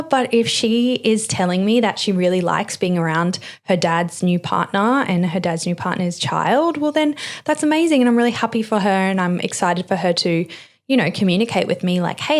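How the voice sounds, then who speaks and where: A young woman speaks in a heartfelt personal podcast monologue. Her voice sits a little low, and she sounds emotional, near tears. She leans on easy fillers like "you know" as she talks. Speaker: podcast host.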